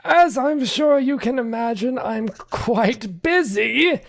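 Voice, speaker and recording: A woman doing a flustered, stiffly formal gentleman. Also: very high voice, expressive, creaky, voice pushed up, full character voice. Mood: stiffly polite. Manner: strained, halting, clipped formality. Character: flustered stiff formal man, cane-bearing.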